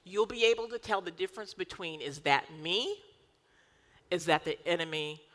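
Woman pastor, 40s, bright forceful voice, emphatic sermon delivery. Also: fairly low pitch, moderate pace, big-room sound. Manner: lively, emphatic preaching with rhetorical questions.

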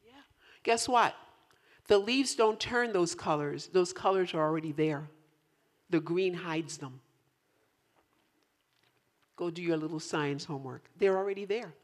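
A woman preaching a sermon with a lot of animation. Her voice climbs to loud, emphatic peaks and drops back down. She teases her congregation as she goes. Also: lowish voice, measured pace, pauses often. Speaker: pastor. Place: church in central New York.

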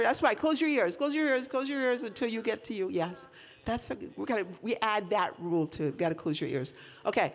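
A woman's voice: a little high, lively intonation, fairly quick, fairly bright tone. A woman leading a live audience through a whisper game, coaxing volunteers and laughing often. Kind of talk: lively audience participation.

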